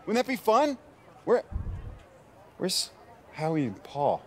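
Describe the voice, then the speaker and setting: A man's voice: high voice, wildly swooping pitch, slow pace, full character voice. An actor playing a goofy, relentlessly upbeat male basketball coach in a video game. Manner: forced cheerfulness, jokey.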